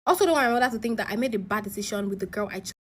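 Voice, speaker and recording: A woman narrating a reader's story-time letter in an animated way, her voice swinging from hushed to loud. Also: medium pitch, rapid-fire, a little hiss or hum.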